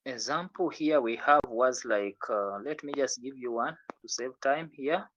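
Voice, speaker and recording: A teacher runs an online French pronunciation lesson, coaxing students to keep trying and repeating each word slowly for them to copy. The audio is muffled and lo-fi, and the voice sits in an ordinary middle pitch. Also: fairly bright tone. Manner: patient, encouraging, repeats words slowly for drilling.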